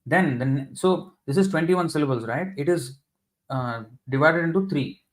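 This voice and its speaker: Man teaching scripture, halting with ums. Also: fairly high pitch. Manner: explains step by step with frequent ums and restarts, chants verses slowly. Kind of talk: scripture class with explanation and chanting.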